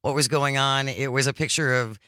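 A man's voice: mid-range voice, fairly even intonation, brisk, pushed and bright, dry recording, studio quality. A man hosting a radio talk show, chatting enthusiastically with a co-host and callers. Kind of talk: casual radio chat.

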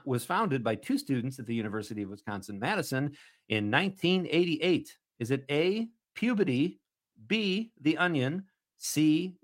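A man hosting a casual talk show quiz. He is upbeat, laughs often, and reads the questions with emphasis. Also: mid-range voice. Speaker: radio show host.

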